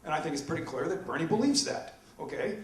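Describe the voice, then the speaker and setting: A man, a philosophy professor, giving a debate presentation in a lecture room, talking in an animated lecturing way with many ums and uhs. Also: a little high, quick pace, far from the mic. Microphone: distant from the microphone. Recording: echoey room recorded from afar.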